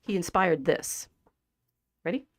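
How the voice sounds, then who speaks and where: A woman co-hosting a livestream, chatting casually about poetry with a lively, laughing manner and frequent restarts. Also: on the low side, slow, dry recording, studio quality. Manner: animated and chatty, laughs often, trails off mid-sentence. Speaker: podcast co-host.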